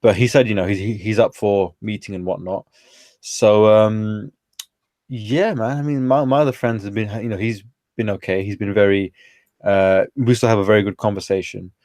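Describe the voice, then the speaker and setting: A man's voice: on the low side, steady tone, normal speed, a little mellow, no echo, clean studio sound. A man, a guest telling stories in a casual, slangy way full of fillers. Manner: chatty, informal, peppered with slang and fillers. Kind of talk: casual storytelling conversation.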